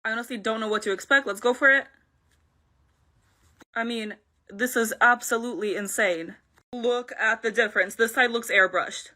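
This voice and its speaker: A woman vlogger chatting excitedly through a makeup tutorial, laughing often. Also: a little high, normal speed, long pauses. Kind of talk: casual makeup tutorial vlog.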